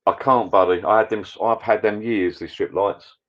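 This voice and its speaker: A man's voice: fairly low pitch, fairly even intonation, moderate pace. Chatty middle-aged Englishman, lo-fi livestream. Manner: rambling, matey, chatty DIY talk. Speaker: livestream host. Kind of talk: casual livestream chat with viewers. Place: garden bar shed.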